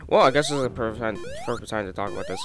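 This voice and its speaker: A man's voice: lowish voice, racing. Rambling young man over game music. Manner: rambling, jumpy, full of exclamations. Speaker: gameplay video creator. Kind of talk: gameplay commentary. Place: room at home. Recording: game music playing under the voice.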